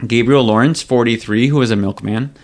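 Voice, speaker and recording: A man's voice: medium pitch, a little fast. A man co-hosting a podcast who walks through history in a chatty, filler-heavy way with casual asides. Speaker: podcast co-host presenting history.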